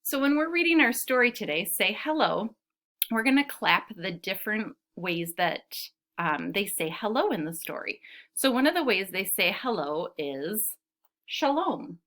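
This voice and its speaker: A woman teaching a preschool class, her voice rising and falling in a lively, animated way. She speaks with patient encouragement, slowing down to sound out and clap syllables for little listeners. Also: mid-range voice. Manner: claps and counts syllables aloud slowly. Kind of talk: reading a picture book to young children.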